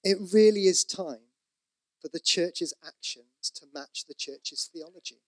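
A man's voice: high-pitched, a little slow, a little hiss or hum. Emphatic man preaching a sermon. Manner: emphatic, builds to loud repeated exhortations; conversational asides with fillers. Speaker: pastor.

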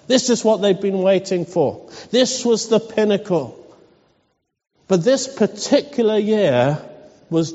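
A man's voice: high voice, darkish tone. A man giving a sermon in a wry, conversational storytelling manner. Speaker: preacher. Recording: dull recording in a reverberant hall.

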